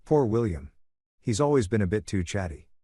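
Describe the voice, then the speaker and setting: A cold, calculating middle-aged businesswoman, read by a man narrating a story speaks calmly and matter-of-factly, each remark cutting. The voice sits fairly low and the recording is dry and close. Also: normal speed, breathy edge, no room sound. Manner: calm, matter-of-fact, cutting. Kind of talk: audiobook story reading.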